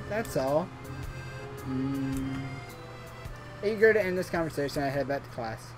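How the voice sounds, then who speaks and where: A man's voice: medium pitch, animated, measured pace, long pauses, soft background music. A man hosting a gaming video, reading a visual novel aloud in a playful, jokey way and laughing often. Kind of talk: playful read-along of game text.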